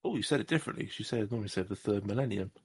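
English guy hosting a podcast, lowish voice, jokes around and rambles, lots of ums and restarts. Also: racing, gravelly, slightly rough. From Southwest England. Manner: jokey, rambling with fillers and restarts. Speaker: podcast host. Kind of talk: casual chat.

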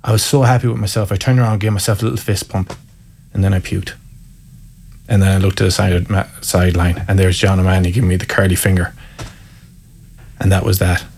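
A man's voice: low-pitched, flat delivery, fairly quick, vocal fry, darkish tone, slight background noise. A man with an Irish accent, a former Gaelic footballer telling wry, candid stories in an interview. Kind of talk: casual storytelling interview.

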